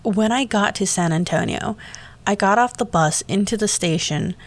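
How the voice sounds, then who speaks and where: A young man hosts a casual solo podcast and tells a long, rambling story. He talks in an animated, easygoing way. He breaks off with little laughs and quick hushed asides. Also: high-pitched. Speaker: podcast host.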